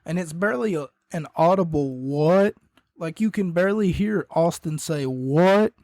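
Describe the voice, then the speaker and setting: A man's voice: on the high side, brisk, gravelly, a little mellow, no echo. Rambling man recapping wrestling, dry close mic. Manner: rambling, self-correcting, coughs between points. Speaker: podcast host.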